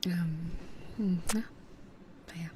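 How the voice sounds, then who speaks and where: A young woman whispers casual chat right up against a binaural ASMR mic. Her voice sits a little low for a woman, and she wanders loosely from thought to thought with plenty of fillers. A faint hiss runs underneath. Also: fairly even intonation, slow pace. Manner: soft whispering, rambling with many fillers. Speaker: streamer. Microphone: close binaural ASMR mic.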